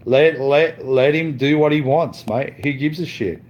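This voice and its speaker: Slow, profane man ranting on stream. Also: mid-range voice, highs cut off. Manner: profane, boastful trash talk with frequent "mate"; repetitive, stumbling restarts. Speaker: live streamer. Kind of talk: ranting live stream monologue.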